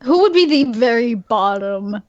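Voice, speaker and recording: A woman's voice: a little high, animated, normal speed. A woman co-hosting a stream chat, chatty and giggly. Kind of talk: casual group chat on a stream. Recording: dry, dull lo-fi mic.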